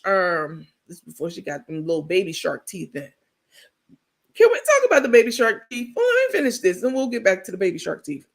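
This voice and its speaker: A woman's voice: medium pitch, huge pitch swings, brisk. A woman hosting a reality TV gossip stream in casual commentary chat, with a sassy, blunt, profane and rambling manner.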